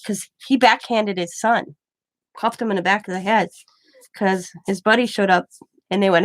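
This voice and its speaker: A woman's voice: mid-range voice, fairly even intonation, unhurried, pauses often, no echo. A woman in her forties hosting a craft channel, telling a story in rambling casual chat, full of restarts and cut-off words. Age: 40s.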